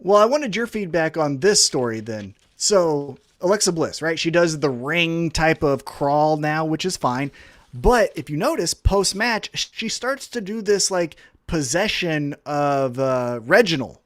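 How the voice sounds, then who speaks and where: A man's voice: fairly high pitch, expressive, measured pace, no echo. A man co-hosting a podcast, ranting heatedly and profanely about a storyline. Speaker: podcast co-host. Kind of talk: profane wrestling podcast rant.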